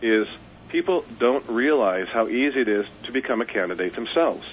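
A man's voice: medium pitch, lively intonation, normal speed. A male caller from Colorado on a radio show, speaking earnestly and persuasively with some fillers. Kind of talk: phone-in talk. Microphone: telephone. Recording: tinny phone line with faint hiss.

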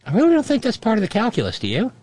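A man's voice: sits high, wildly swooping pitch, a little mellow, husky, no echo. A man hosting a commentary show, reading news items and breaking in with sarcastic, mocking asides. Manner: wry, mocking, quick interjections.

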